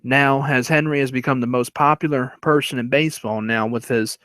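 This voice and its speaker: A man's voice: medium pitch, steady tone, a little fast, a bit bright, no echo. Rambling man retelling a movie plot. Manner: rambling, with fillers and chuckles. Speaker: movie reviewer.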